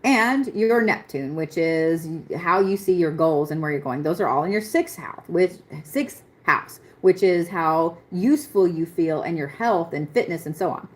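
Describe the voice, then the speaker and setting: A woman's voice: fairly low pitch, lively intonation, normal speed, hardly any pauses. A young adult woman doing a live astrology reading, talking bluntly, swearing and laughing often as she speaks. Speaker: astrology reader. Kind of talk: live-stream chart reading.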